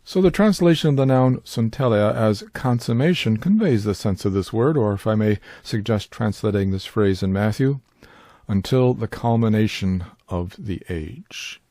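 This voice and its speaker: Measured, mellow-voiced male Bible teacher. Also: on the low side, lively intonation, dry recording, clean studio sound. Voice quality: measured, deliberate, careful pronunciation of Greek terms. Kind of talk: scripted Bible word study.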